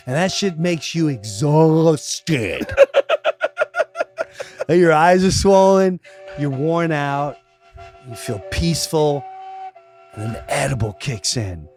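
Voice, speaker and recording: Animated middle-aged man telling stories. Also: on the high side, slow, pauses often, soft background music. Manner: animated storyteller, acts out voices and swings loud to quiet. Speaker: podcast guest, comedian. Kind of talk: casual chat.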